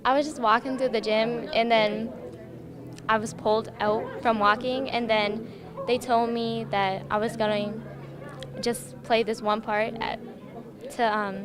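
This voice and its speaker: A shy, hesitant woman with a fairly high voice tells how she joined a film's cast. A noisy crowd surrounds her outdoors. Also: level tone, a little slow. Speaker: film cast member. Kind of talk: casual event interview. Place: outdoor red carpet premiere.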